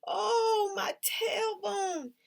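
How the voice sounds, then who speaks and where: Woman doing a sassy singsong eleven-year-old girl. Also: slow pace. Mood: shrieking. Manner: high, teasing singsong, sprinkles Spanish words.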